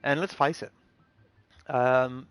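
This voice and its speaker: A gaming channel host rambles through an aggrieved rant on his casual vlog, full of ums and restarts. His medium-pitched voice is clean and fairly bright, with fairly even intonation and a slow pace.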